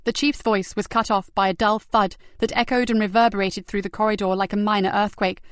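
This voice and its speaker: A woman narrating a crime thriller audiobook in a steady, measured storytelling manner. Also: medium pitch, no room sound. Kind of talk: scripted crime novel narration.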